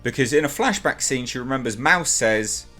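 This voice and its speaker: A man's voice: lively intonation, normal speed, bright, forceful tone, faint music behind. A man reviewing a TV show in a ranting vlog, sarcastic and exasperated, swearing and repeating himself for emphasis. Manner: exasperated, sarcastic, mocks characters in high put-on voices.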